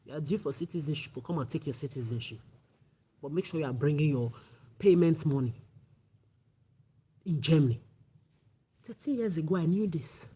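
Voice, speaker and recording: A woman's voice: lowish voice, dark tone, slight background noise. A middle-aged woman giving blunt, exhorting advice on a livestream, often repeating herself. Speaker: livestream host.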